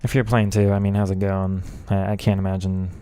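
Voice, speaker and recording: A man's voice: low voice, little pitch movement, a little fast, dark tone. A man streaming a football video game, talking casually and with frustration at the match while chatting with viewers. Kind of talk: casual gaming commentary.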